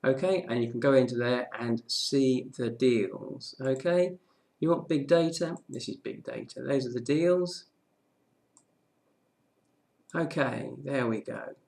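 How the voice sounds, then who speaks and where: Gravelly man giving a casual property update. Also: mid-range voice, slow, a little mellow. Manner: chatty, many "okay"s and restarts. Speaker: property market news presenter. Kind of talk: casual daily market update with screen walkthrough.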